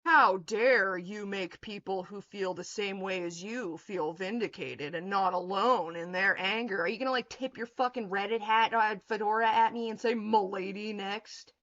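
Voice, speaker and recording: A woman's voice: mid-range voice, moderate pace, hardly any pauses, fairly bright tone, dull audio. A woman in her thirties on a livestream, ranting in a blunt, profane, confrontational way. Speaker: streamer.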